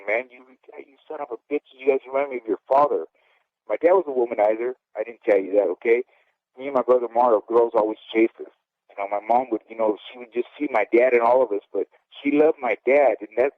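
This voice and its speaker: A man's voice: medium pitch, dry recording. A middle-aged former boxer talks candidly, rambling through his memories and tagging lines with "okay?". His voice sits in an ordinary middle range. The sound is dry and thin, like a telephone line. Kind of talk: storytelling interview. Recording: dry, phone-like audio.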